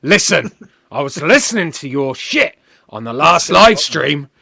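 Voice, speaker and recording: A man putting on a brash older wrestling boss with a Cockney accent, loud and sweary. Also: on the high side, big pitch swings, measured pace, creaky, full character voice. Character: brash older male wrestling boss, threatening then apologetic.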